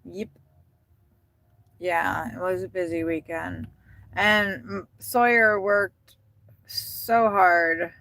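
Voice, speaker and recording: A woman's voice: fairly even intonation, drawn-out words, vocal fry, pauses often, fairly bright tone. A woman chatting casually with her viewers while driving for food deliveries, swearing now and then. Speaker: delivery driver livestreamer. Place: inside a car. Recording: car rumble in background.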